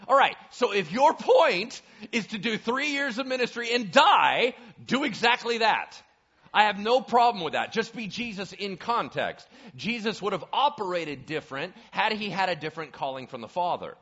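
A male pastor with a high, slightly rough voice preaches a sermon at normal speed. He is animated and keeps asking the congregation questions. The recording is dull and lo-fi.

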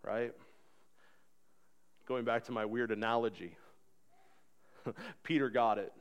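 Taking his time, a pastor in his thirties preaches in a smooth, medium-pitched voice. The sermon feels earnest and conversational, with him acting out voices as he tells stories.

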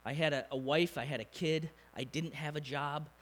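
A man's voice: a little high, normal speed. A man, preaching a conversational sermon full of questions to the congregation. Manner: animated, conversational preaching with rhetorical questions to the crowd. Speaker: pastor.

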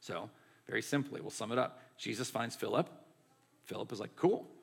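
Gravelly-voiced man preaching conversationally. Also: lowish voice, a little fast. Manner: conversational, animated preaching with many "like" and "right". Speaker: pastor. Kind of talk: sermon.

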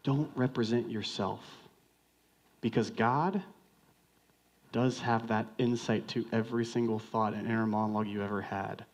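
A man preaching a sermon in a conversational, joking way, swinging from loud outbursts to hushed lines and questioning the congregation directly. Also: fairly low pitch, fairly even intonation, moderate pace. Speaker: pastor.

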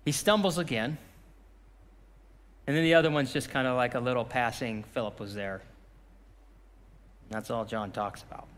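A man preaching a sermon as pastor, swinging from impassioned shouting to a hushed closing prayer. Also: medium pitch, moderate pace, long pauses, big-room sound. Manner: impassioned, shouting repeated phrases, then dropping to a quiet prayer.

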